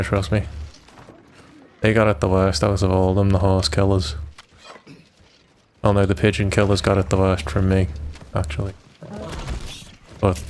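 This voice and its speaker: A man's voice: low-pitched, noisy background. A man streaming a video game, rambling and grumbling with heavy swearing. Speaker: livestreamer. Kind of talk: casual gaming commentary.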